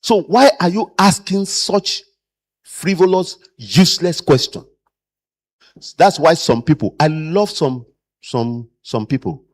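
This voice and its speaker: A man's voice: a little high, slow. A man lecturing caregivers as a trainer and acting out the people he quotes. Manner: animated, acts out quoted people.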